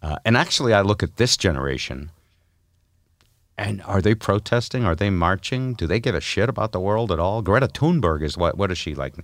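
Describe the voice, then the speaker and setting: A man's voice: low-pitched, animated, fairly quick, no echo, clean studio sound. An older man hosting a podcast, chatting casually in a wry, self-mocking way and stumbling over his words. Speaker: podcast host.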